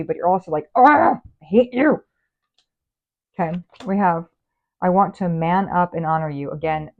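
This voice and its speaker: A woman giving a casual tarot reading, chatty and rambling as she talks straight to the viewer. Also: on the low side. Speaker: tarot reader. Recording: phone-like narrow sound.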